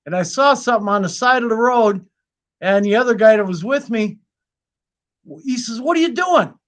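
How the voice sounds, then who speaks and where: A man from Wyoming with a high voice for a man, chatting on a live stream. He drawls through his stories in a relaxed, unhurried way. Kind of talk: casual chat.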